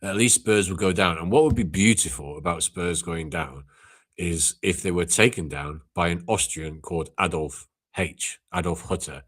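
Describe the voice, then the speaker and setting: Deep-voiced man ranting bluntly. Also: normal speed. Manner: blunt, sweary, ranting with loud outbursts. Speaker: live call-in show host. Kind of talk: casual chat.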